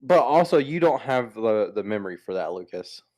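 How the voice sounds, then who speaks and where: A man's voice: fairly low pitch, big pitch swings, normal speed, darkish tone. A man hosting a podcast in casual chat, rambling and teasing his co-hosts with many restarts. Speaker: podcast host.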